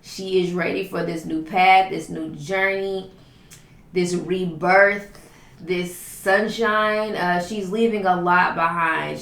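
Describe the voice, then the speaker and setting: A woman's voice: fairly low pitch, vocal fry, roomy sound. A woman giving a spiritual tarot reading in a flowing, repetitive, affirming way, stacking up lists of phrases. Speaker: tarot reader.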